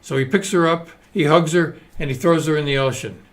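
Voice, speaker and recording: A man's voice: on the high side, steady tone, a little fast. A man in his seventies hosting a live stream, talking in a loose, digressive, self-mocking way and swearing now and then. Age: 70s. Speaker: host. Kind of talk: rambling live-stream monologue.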